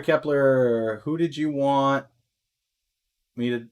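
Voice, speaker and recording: Speaking at medium pitch and a moderate clip, a man talks through the stock market live, his thoughts padded with fillers. Every so often he erupts in overblown alarm or tosses off a crude joke.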